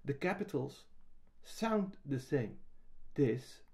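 A man, a piano teacher explaining how to read rhythm, speaking slowly and patiently. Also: medium pitch, very animated, darkish tone. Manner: slow, patient explanation with sung rhythm syllables. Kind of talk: music lesson, explaining and singing rhythm syllables.

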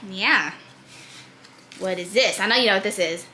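A young woman casually chatting to the camera in a relaxed vlog, with a runny nose. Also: mid-range voice, slight background noise. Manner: laid-back, speaks slowly and plainly to the camera. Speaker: vlogger.

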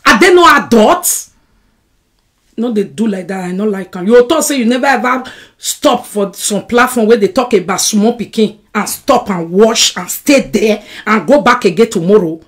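A woman with a Nigerian accent hosting a casual live stream from home, answering viewers' comments in an animated, argumentative way. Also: mid-range voice, normal speed.

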